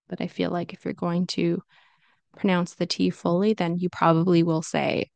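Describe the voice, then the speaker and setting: A woman teaching English pronunciation in a casual spoken lesson. She talks slowly and deliberately and repeats example phrases. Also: on the low side, little pitch movement, creaky, a little mellow, dry recording.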